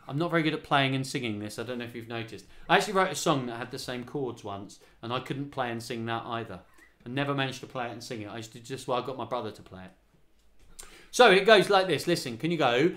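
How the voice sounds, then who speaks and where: Strumming his own acoustic guitar on a home livestream, a choir leader in his forties rehearses songs online with children, singing lines and counting them in while chatting encouragingly. He speaks at medium pitch, a little fast, with an expressive, fairly bright tone.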